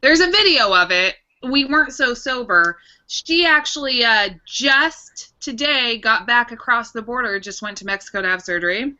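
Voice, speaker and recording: A woman's voice: a little high, lively intonation, moderate pace, hardly any pauses, bright, forceful tone. A woman in her thirties, a guest on a casual chat show, telling her story in a candid, reflective way. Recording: dull lo-fi recording.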